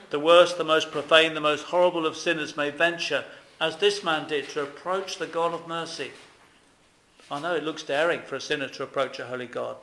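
A man's voice: a little high, sharp tone. Earnest preacher man in an echoey hall. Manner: earnest, emphatic, with rhetorical questions to the congregation. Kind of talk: sermon.

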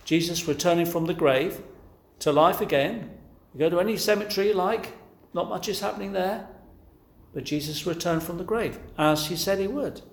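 A man's voice: high-pitched, moderate pace. A man preaching a sermon, earnest and pleading, pressing his listeners with rhetorical questions. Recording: echoey room.

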